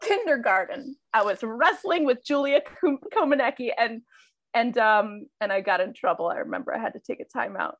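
Woman co-host, fairly high voice, candid and self-deprecating, swears freely, dry close sound. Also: animated, normal speed, a bit bright, no room sound. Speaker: podcast co-host, parent. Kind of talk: casual chat.

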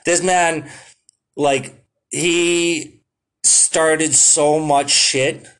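A young man hosting his podcast, talking casually and excitedly, full of swearing and "dude" and "like". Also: a little high, smooth. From Canada. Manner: profane, excitable, drawn-out "dude" and "like" fillers. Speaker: podcast host. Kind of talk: casual solo podcast monologue.

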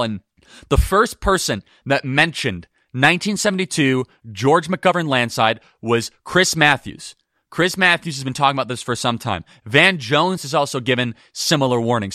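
A man hosting a political talk show, speaking in an emphatic, quick and combative way. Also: fairly high pitch, bright, forceful tone, dry recording, studio quality. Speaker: podcast host. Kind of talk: opinionated political commentary.

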